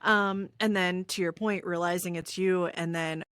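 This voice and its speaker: Low-voiced woman podcast host. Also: unhurried, clear, resonant tone, no echo, clean studio sound. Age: 30s. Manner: reflective, animated storytelling with quoted inner voices. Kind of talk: casual podcast conversation.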